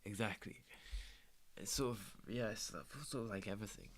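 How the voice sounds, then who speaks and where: A man's voice: fairly low pitch, fairly quick, a little hiss or hum. A young man chatting casually while trading, laid-back and slangy, swearing freely. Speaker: trader streaming his trading. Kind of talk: casual chat.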